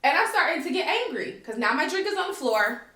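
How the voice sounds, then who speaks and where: An American woman with a high, bright voice tells a story in a loose, animated way, full of swearing. Her pitch leaps around as she acts out what everyone said. The room around her rings with a clear echo. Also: brisk. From United States. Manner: animated, profane, acts out dialogue. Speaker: guest, longtime expat. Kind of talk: casual storytelling.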